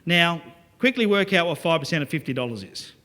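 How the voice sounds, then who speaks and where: A man giving a lively, joking sales talk to a live audience. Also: fairly high pitch, brisk. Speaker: business speaker.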